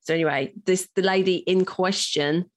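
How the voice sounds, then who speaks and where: A woman's voice: fairly low pitch, normal speed. A woman co-hosting a podcast, chatting crudely and reading listener emails aloud. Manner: crude, giggly, animated. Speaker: podcast co-host. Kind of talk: casual podcast chat.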